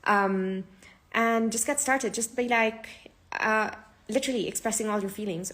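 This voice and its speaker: A woman's voice: on the high side, fairly even intonation, moderate pace, fairly bright tone. A sleep-deprived woman hosting her podcast from a live stream, talking casually and chattily with plenty of fillers. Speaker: podcast host.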